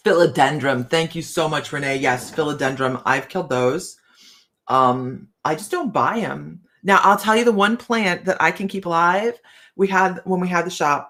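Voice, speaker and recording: A woman's voice: low voice, fairly bright tone. Chatty woman hosting a live chat. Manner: chatty, laughs often, reads viewer comments aloud; frequent restarts and stammers. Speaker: psychic livestream host. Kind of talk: casual morning chat with viewers.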